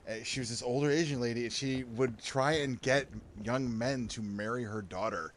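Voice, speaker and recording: A man's voice: medium pitch, moderate pace, a little hiss or hum. A man streaming a game and chatting with friends, telling rambling stories with lots of laughter and swearing. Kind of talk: casual gaming stream chat.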